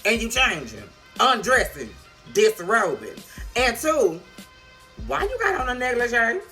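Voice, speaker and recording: A woman giving a casual video review of a TV episode, sassy, animated and full of profanity. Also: on the high side, unhurried, faint music behind. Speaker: TV show reviewer.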